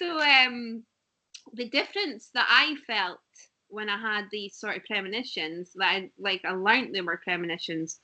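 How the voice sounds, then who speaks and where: A woman's voice: medium pitch, normal speed, bright, forceful tone. A woman, a guest in a casual chat, telling stories animatedly and laughing often.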